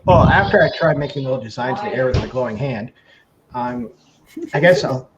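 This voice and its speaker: A man's voice: medium pitch, expressive, a little fast, dull audio, very noisy. A man playing a character in a casual tabletop game, playful and mulling things over aloud. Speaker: player.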